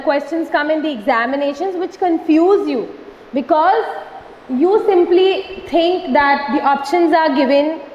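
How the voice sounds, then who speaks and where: A woman with a high voice teaches young children in a slow, patient way, going over each example more than once. The sound is dull and lo-fi, with a long reverb trailing after her words. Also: darkish tone, slight background noise. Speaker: schoolteacher. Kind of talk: recorded classroom lesson.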